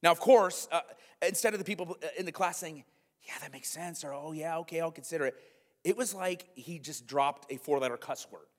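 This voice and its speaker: A male pastor preaching a conversational sermon to his congregation, animated, with frequent asides to the room. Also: fairly high pitch, a little fast. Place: church hall, live congregation. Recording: long hall reverb.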